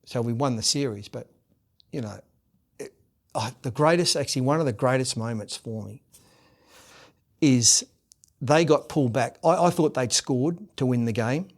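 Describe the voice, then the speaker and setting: A middle-aged man with an Australian accent, a guest in a podcast interview, telling lively stories and loudly acting out the voices of people he quotes. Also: medium pitch, moderate pace, pauses often. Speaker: guest, former rugby league captain and coach. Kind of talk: animated storytelling in a podcast interview.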